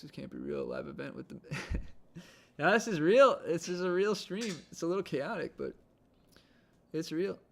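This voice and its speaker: This man's mid-range voice has a slightly bright quality and a Midwestern American accent. Hosting a casual live stream indoors at home, he keeps up a rambling, easygoing chatter packed with "like."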